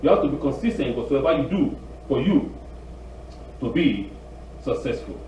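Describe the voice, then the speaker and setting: A man giving an informal sermon on the weekly Torah portion, animated and repetitive, acting out phone calls with a raised voice. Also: mid-range voice, moderate pace, distant mic, a little hiss or hum. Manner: repeats words and restarts often. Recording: echoey room, off-mic, dull sound.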